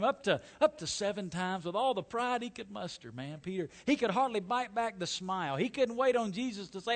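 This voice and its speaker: A male pastor preaching a sermon, swinging from quiet, drawn-out phrases to loud, stressed words. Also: high-pitched, lively intonation. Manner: dramatic, swings from soft to loud emphasis.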